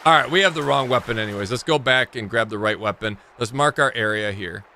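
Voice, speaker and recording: Man, bright forceful voice, rambling livestream chat, faint background hum. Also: mid-range voice, fast talker. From Michigan. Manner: rambling, talks to chat while playing. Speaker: streamer. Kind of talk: casual livestream gaming chat.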